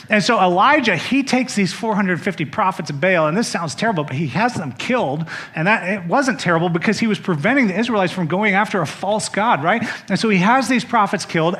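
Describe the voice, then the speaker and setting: A male pastor giving a sermon, telling a story in a conversational, animated way and acting out quoted voices. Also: high voice. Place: church sanctuary.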